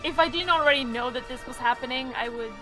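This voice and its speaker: A woman's voice: high voice, quick pace, over music. A woman streamer chatting casually while reacting to a game showcase, rambling with lots of fillers.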